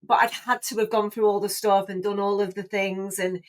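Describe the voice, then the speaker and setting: A woman's voice: mid-range voice, fairly even intonation, normal speed, a little mellow. A woman in her forties tells her own story as a podcast guest. She talks in a loose, chatty way, restarting sentences and sprinkling in "like" and "you know", and she sounds openly emotional. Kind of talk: casual chat.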